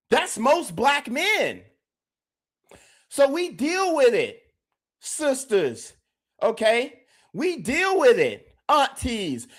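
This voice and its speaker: A man's voice: extremely high pitch, a bit bright. Male podcast host, emphatic repetitive ranting to his live chat. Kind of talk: livestream commentary rant.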